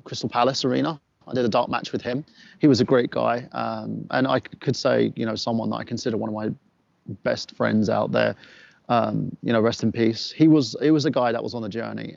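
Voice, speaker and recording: An English man with a gravelly, fry-edged voice tells loud, profane stories in a loose podcast chat. The sound is dry and a little dull, as from a lo-fi mic. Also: mid-range voice, dry recording. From England. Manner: profane, animated storyteller. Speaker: podcast guest, former wrestler.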